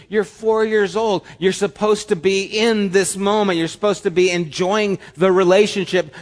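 A male pastor preaching with animated delivery, swinging from loud, emphatic lines to soft, hushed ones. His voice is fairly high for a man. It rings out with a long reverb, as if he is in a church hall. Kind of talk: sermon.

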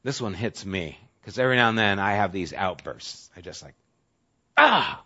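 A man's voice: lively intonation, brisk. Man preaching in a dull lo-fi recording. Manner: conversational preaching, acts out quoted voices; drops to a soft, low voice for emphasis. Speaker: pastor. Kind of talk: sermon. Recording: dull lo-fi audio.

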